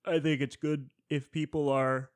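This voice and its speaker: A man's voice: on the high side, little pitch movement, unhurried, clear, resonant tone, dry recording, clean studio sound. A man from the Southern California suburbs, rambling through a solo podcast monologue, tired and yawning, self-deprecating and cursing as he acts out what others say. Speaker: podcast host.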